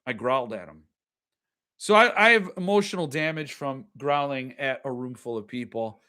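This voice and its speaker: Chatty male host, slightly higher voice. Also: animated, brisk, bright, forceful tone. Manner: chatty, reacts to viewer comments, trails off and restarts. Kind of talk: casual livestream chat.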